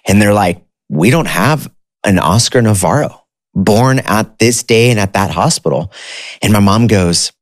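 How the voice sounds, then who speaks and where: A man's voice: lowish voice, no room sound, studio quality. A man in his thirties casually telling a personal story in a candid way, often saying "you know" and "dude".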